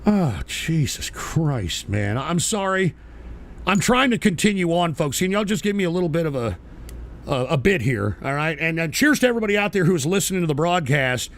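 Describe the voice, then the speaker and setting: A male radio host ranting live at trolls in his chat, swearing and yelling, then sighing to calm himself. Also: fairly high pitch, normal speed. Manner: swings between fury and sighing calm. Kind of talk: live call-in style radio rant.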